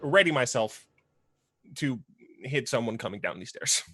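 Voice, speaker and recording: A man's voice: medium pitch, expressive, unhurried, fairly bright tone, breathy edge. A man playing a tabletop game, thinking through his character's next move with a hesitant, thoughtful manner. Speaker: player. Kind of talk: casual tabletop game play.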